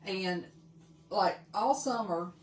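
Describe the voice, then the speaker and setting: A woman's voice: mid-range voice, slow pace, reverberant, recorded from a distance, slight background noise. A woman from Tennessee with a Southern accent, chatting casually while demonstrating a craft on a live stream and greeting viewers by name. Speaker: craft livestream host.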